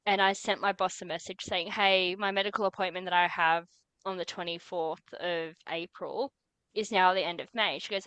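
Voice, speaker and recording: A woman co-hosting a casual group podcast chat, telling lively stories and acting out the voices of the people in them. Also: on the low side, normal speed, smooth, no echo, low-quality recording. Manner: lively storyteller, acts out quoted voices. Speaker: podcast co-host.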